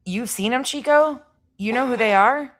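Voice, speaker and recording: A woman's voice: fairly high pitch, normal speed. A woman streaming reactions, talking bluntly and profanely straight to her chat. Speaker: streamer reacting to podcast clips.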